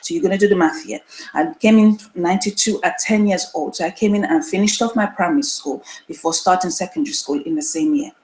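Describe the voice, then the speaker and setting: A woman's voice: lowish voice, quick pace, darkish tone. Woman in her thirties, from Nigeria, solo show host, earnest and emphatic, echoey room. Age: 30s. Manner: earnest, emphatic, repeats phrases for stress. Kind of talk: solo live-stream talk to viewers.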